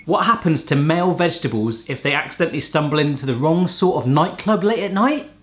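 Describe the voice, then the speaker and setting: A man's voice: a little high, expressive, brisk, slight background noise. A man hosting a kitchen gadget video, chatting casually and cracking playful jokes. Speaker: kitchen gadget reviewer, show host. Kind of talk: casual vlog chat.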